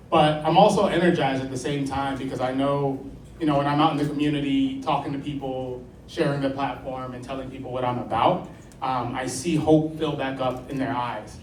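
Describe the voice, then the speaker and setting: A man's voice: mid-range voice, a little mellow, a little hiss or hum. A man on a panel, a candidate, talking candidly and reflectively to a live audience. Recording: echoey hall, distant mic.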